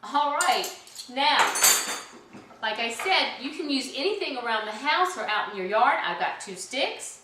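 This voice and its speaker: A woman's voice: high-pitched, expressive, a little slow. A woman teaching a children's music lesson, cheerful and patient, chanting rhythm syllables. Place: indoor room at home. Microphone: camera some distance away. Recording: very echoey room, mic far off, noisy.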